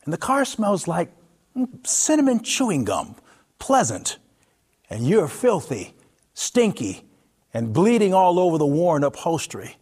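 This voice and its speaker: A man narrating a story in the second person, in an expressive, intimate, vivid way. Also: on the high side, measured pace, slightly rough.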